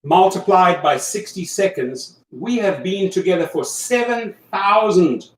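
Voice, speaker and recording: A livestream host speaks in a high-pitched, animated voice at a measured pace, coaching listeners casually with lots of emphasis and repetition. He has a South African accent, German is his first language, and the echoey room puts him far from the mic amid faint noise.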